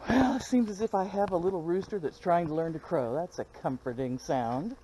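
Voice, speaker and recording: A woman's voice: lowish voice, dark tone, rough recording. An older woman chatting casually in a vlog, recorded outdoors on a farm with a handheld camera. She talks in a chatty way and coos and baby-talks to her animals. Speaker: vlogger on a small farm. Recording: outdoor noise, animals and passing cars.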